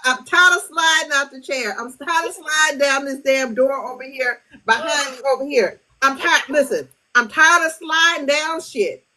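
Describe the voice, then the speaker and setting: A woman's voice: sits high, normal speed, few pauses, sharp tone, rough recording. A woman hosting a podcast, joking playfully in slangy casual talk with her guest. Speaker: podcast host.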